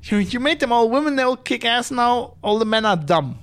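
A man's voice: very high-pitched, animated, fairly quick, a bit bright. A man hosting a podcast who reads out chat comments and rants casually, with a rambling, profane manner and many restarts and fillers. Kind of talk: casual opinion rant.

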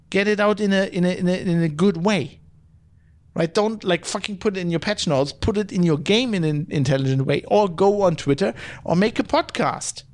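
A man hosting a podcast who reads out chat comments and rants casually, with a rambling, profane manner and many restarts and fillers. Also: sits high. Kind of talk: casual opinion rant.

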